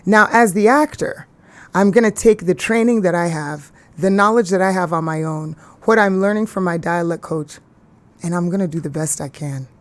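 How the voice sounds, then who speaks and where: A woman's voice: fairly low pitch, normal speed, dry recording. A woman from Ghana, an actress, talking earnestly in an interview and laughing easily. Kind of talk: casual interview talk.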